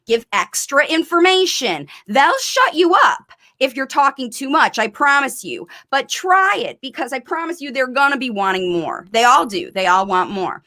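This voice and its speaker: A middle-aged woman, a speech therapist hosting a live coaching stream, talking quickly and emphatically to parents. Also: high-pitched, pushed and bright. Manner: fast, emphatic, encouraging. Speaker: speech-language pathologist host.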